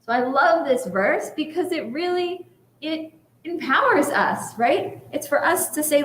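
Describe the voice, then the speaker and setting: Casting note: woman rabbi, high voice, chatty sermon full of "right?", echoey sanctuary. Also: lively intonation, unhurried, a bit bright. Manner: conversational, often adds "right?". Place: synagogue sanctuary.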